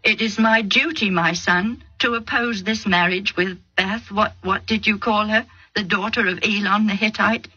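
A woman's voice: mid-range voice, fairly even intonation, moderate pace, hardly any pauses, bright, forceful tone, breathy edge, lo-fi sound, voice pushed up. A woman voicing a stern, old, blind father.

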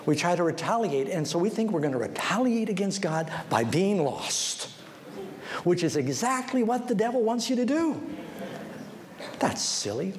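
A man's voice: very animated, moderate pace. A man preaching a sermon as a pastor, telling stories and acting out the people he quotes, then pleading directly with his listeners. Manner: storytelling, acting out the people he quotes with big pitch swings; pleading, personal appeal to listeners. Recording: hall reverb with faint background noise.

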